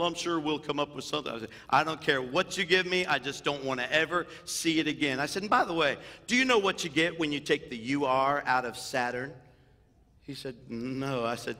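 A man, a senior pastor, preaching a sermon in a church, telling stories with humor and moving between loud animated bursts and hushed, tender moments. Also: fairly high pitch. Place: church sanctuary. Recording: long hall reverb in a church.

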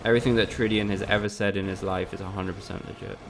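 A man's voice: deep voice, steady tone, fast talker, vocal fry, background noise. A young man from Spain, chatting casually with his viewers and swearing freely while he streams a game. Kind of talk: casual live-stream commentary.

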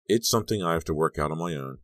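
Deep-voiced guy doing a beat-up teen boy, defensive and tense, close dry audiobook sound. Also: animated, fast, dry recording. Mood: pleading. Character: troubled teenage boy, bruised and defensive.

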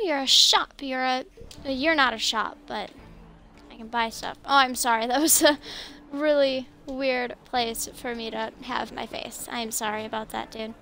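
Young woman, game commentary, high and bright tone, unhurried, chatty and apologetic. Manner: chatty, apologetic, bursts of surprised laughter. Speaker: gameplay streamer.

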